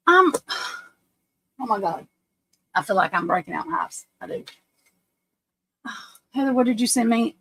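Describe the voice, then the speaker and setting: A woman's voice: a little high, expressive, unhurried, pauses often, fairly bright tone, no room sound, low-quality recording. A woman hosting a casual livestream, anxious and flustered, often breaking off and restarting her sentences. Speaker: livestream host.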